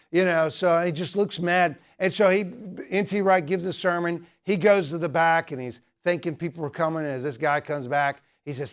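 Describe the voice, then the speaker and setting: A man's voice: a little high, a little fast, hardly any pauses. A man giving a humorous teaching talk at a student apologetics club, rambling with many jokes and asides.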